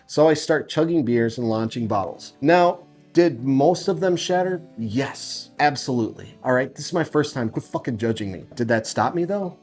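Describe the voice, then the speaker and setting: A man telling a confessional story in a profane, sarcastic, self-mocking and animated way. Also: mid-range voice, moderate pace, faint music behind.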